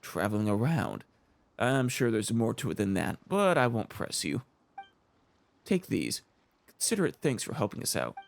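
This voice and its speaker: A man's voice: on the low side, big pitch swings, normal speed, creaky, pauses often. A man voicing a stern but forgiving male ship's crewman who speaks in a brusque, matter-of-fact way.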